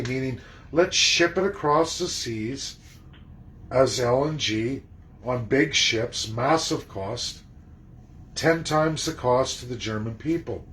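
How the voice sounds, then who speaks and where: A man's voice: mid-range voice, takes it slowly, a bit bright, a little hiss or hum, rough recording. A man delivering an emphatic, indignant political monologue, throwing rhetorical questions at his audience and swearing freely. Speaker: political commentator.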